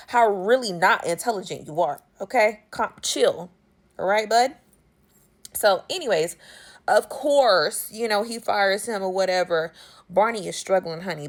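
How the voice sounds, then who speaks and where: A woman, casually recapping a movie in a sassy, animated way. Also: medium pitch. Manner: sassy, animated storytelling with slang.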